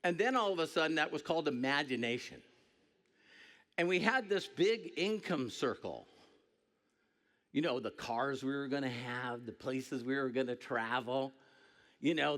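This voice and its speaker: A middle-aged man giving a motivational stage speech, animated and joking, breaking into shouts. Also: mid-range voice, normal speed. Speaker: network marketing speaker. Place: stage before a large audience.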